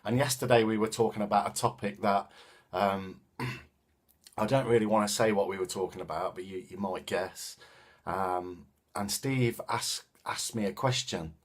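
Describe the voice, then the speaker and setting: A man's voice: lowish voice, moderate pace. A man with a Coventry accent, speaking in a casual, reflective way with frequent hesitations and restarts. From England. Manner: thoughtful, hesitant with many ums and restarts. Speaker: vlogger and self-defense teacher.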